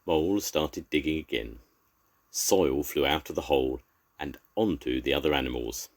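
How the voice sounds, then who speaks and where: A man's voice: very deep voice, moderate pace. An older man, a grandfather, expressively reading a children's story aloud.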